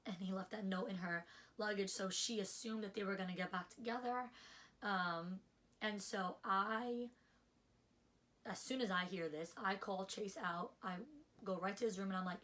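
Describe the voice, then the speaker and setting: A woman's voice: mid-range voice, fairly even intonation, moderate pace, fairly bright tone. A young woman vlogging casually to camera, swearing freely and filling her talk with "um" and "like" as she retells arguments. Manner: candid, swears freely, frequent fillers like "um" and "like"; acts out quoted dialogue while retelling. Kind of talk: casual storytelling vlog.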